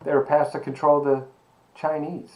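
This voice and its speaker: An emphatic male professor lecturing online with a fairly high voice. He throws out rhetorical questions, answers them himself and talks to his students like old friends. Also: flat delivery, normal speed, low-quality recording. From Miami. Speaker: sociology professor.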